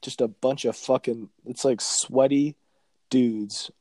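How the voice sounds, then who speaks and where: A man's voice: mid-range voice, fairly even intonation, slow pace, dark tone, no echo. A young man chatting casually as a podcast co-host, rambling and swearing constantly. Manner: crude, profane, rambling. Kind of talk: casual chat.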